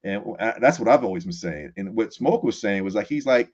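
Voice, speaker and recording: A man guesting on a sports talk show, animated and quick to laugh, often restarting his sentences. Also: fairly low pitch, slightly rough, lo-fi sound.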